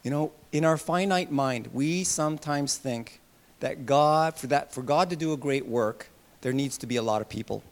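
A man preaching a sermon to his congregation, animated, with loud bursts and soft asides. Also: mid-range voice, moderate pace. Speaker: pastor.

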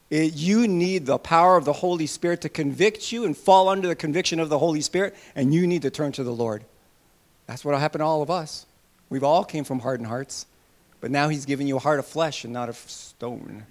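A man preaching in an animated way, his slightly higher voice rising into loud bursts and falling into soft, quiet asides. He talks to his congregation directly. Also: fairly quick. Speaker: pastor. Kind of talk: sermon.

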